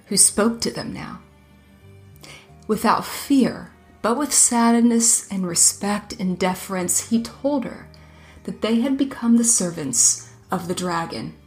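A woman narrating a fairy tale in an even, measured reading. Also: medium pitch. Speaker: storyteller.

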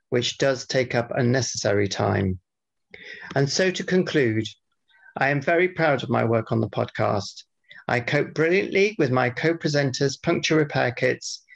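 A man co-hosting a podcast, bantering casually and reading out mock-formal feedback in a dry, deadpan way. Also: mid-range voice. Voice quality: gravelly, husky. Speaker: podcast co-host. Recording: dull lo-fi podcast audio.

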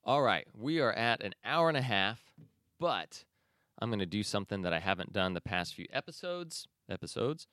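A male podcast host speaks in a low voice that swings widely in pitch. His delivery is conversational and emphatic, full of quick self-corrections. The recording is dry and close. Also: very animated, fairly bright tone, clean tone, dry recording. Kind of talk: casual commentary and reading aloud.

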